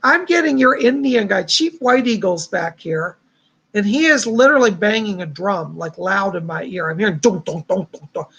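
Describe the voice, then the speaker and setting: A man's voice: high voice, animated, normal speed, creaky, a bit bright, husky, muffled recording. A man hosting a live stream of psychic readings, talking in a chatty, reassuring way with a somewhat strained voice. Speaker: psychic host.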